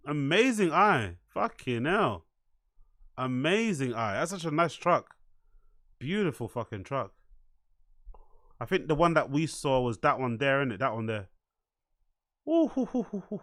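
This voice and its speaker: A man's voice: on the high side, bright, forceful tone, dry recording, studio quality. A man hosting a live stream, reacting casually, swearing freely and repeating himself between laughs.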